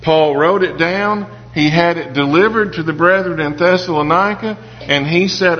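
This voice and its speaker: A man's voice: on the high side, normal speed, hardly any pauses. Earnest male preacher in a reverberant hall. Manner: earnest, personal storytelling with occasional restarts. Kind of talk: sermon. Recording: reverberant hall with dull sound and faint hum.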